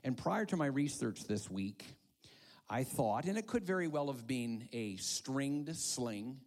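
Male pastor, slow, dramatic sermon delivery, hushed to loud. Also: mid-range voice, lively intonation. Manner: dramatic swings from hushed whispers to loud calls.

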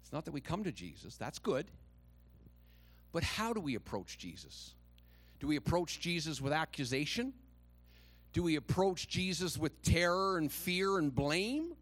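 Dramatic, slow-preaching man pastor. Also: sing-song, no echo. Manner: swings from hushed low asides to loud shouted declarations, many rhetorical questions. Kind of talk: sermon.

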